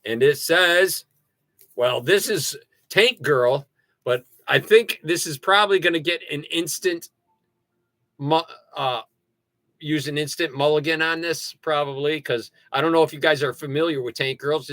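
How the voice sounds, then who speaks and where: A man hosting a casual art livestream, rambling and goofy, poking fun at himself and jumping into high excited yelps and laughter. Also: unhurried. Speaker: livestream host.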